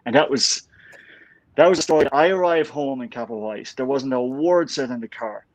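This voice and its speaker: A middle-aged Irish man telling a lively story in a casual chat. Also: medium pitch, moderate pace, poor audio. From Ireland. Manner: animated anecdote-telling with laughs.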